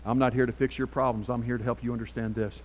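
A middle-aged man preaching a sermon as pastor, emphatic and swinging from quiet asides to loud calls. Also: medium pitch, level tone, quick pace, a little hiss or hum, poor audio.

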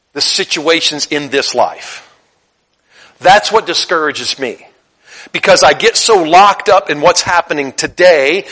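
A man preaching a sermon as pastor, chatty and conversational, then building to loud, emphatic repetition. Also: sits high.

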